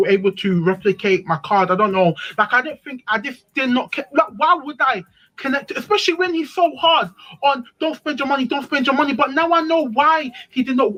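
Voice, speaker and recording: A woman's voice: a little high, a bit bright, dull audio. A woman telling a personal story in casual chat, animatedly acting out what other people said. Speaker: live stream panelist.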